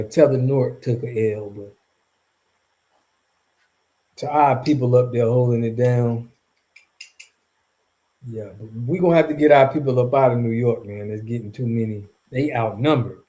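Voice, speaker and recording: A man's voice: medium pitch, fairly even intonation, a little slow, long pauses, warm tone. A man from Florida giving casual, rambling commentary in a vlog, heavy on slang and chuckling between points. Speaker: vlogger.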